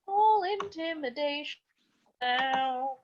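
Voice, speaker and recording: A woman's voice: high-pitched, expressive, slow pace, muffled recording. A woman playing a tabletop game, blunt and swearing freely. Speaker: player. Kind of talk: casual tabletop play.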